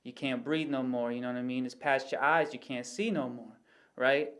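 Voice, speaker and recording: Flat-voiced man musing earnestly. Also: medium pitch, moderate pace. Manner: rambling, full of "you know what I mean" asides; earnest, explains with everyday analogies. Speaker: podcast guest. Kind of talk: casual reflective conversation.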